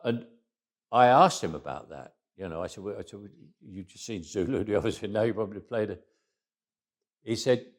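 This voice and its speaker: A man tells stories in a low, deep voice. He often repeats a word as he restarts a phrase, and his sentences fade to a murmur at the end. He sounds like an interview guest recalling his past. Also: fairly quick. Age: 80s. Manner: repeats words at restarts, trails off quietly at phrase ends. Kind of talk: anecdotal storytelling.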